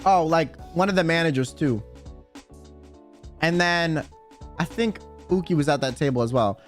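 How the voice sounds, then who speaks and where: A man's voice: on the high side, moderate pace, faint music behind. A young man streaming, telling a story in casual chat, swearing, laughing and saying bro a lot. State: sore throat.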